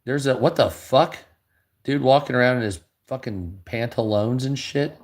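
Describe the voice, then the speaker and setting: A man's voice: medium pitch, moderate pace. A tired man giving blunt, heavily profane reaction commentary while reading news headlines aloud. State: tired, low energy.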